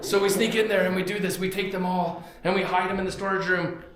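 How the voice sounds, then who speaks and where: A man's voice: high voice, flat delivery, fast talker, a crowd in the background. A young man preaching a sermon in a church, telling a story animatedly and acting out the quotes. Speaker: pastor. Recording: very echoey church hall.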